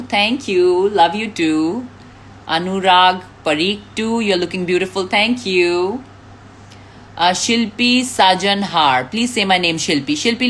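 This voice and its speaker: A woman's voice: medium pitch, a bit bright, a little hiss or hum. A woman, chatting casually on a live stream, reading out fan comments, thanking people and laughing often. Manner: reads out names, thanks fans, laughs often.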